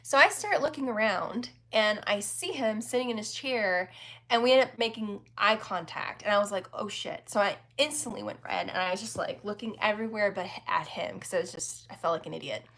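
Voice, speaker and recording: A woman's voice: mid-range voice, a little fast, creaky, fairly bright tone. A woman in her forties hosting a livestream, telling a story in a chatty way, laughing often and talking with plenty of fillers. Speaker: livestream host.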